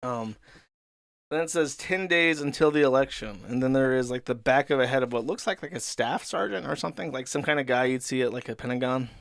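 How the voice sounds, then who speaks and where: A man's voice: medium pitch, brisk, gravelly, no echo, clean studio sound. A man hosting a show, rambling through crude, sardonic commentary while reading a comic aloud. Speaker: host.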